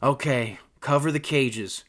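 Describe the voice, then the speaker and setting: A man's voice: medium pitch, moderate pace, fairly bright tone, natural voice. A man doing a bossy gun-toting gang boss. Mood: commanding. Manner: commanding barks. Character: gruff burly male gang leader, bossy.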